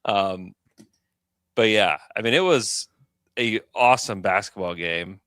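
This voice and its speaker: A man co-hosting a podcast in casual sports chat, animated and chatty. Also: fairly low pitch, clean tone, dry recording, clean studio sound. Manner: animated, chatty, lots of fillers. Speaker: podcast co-host.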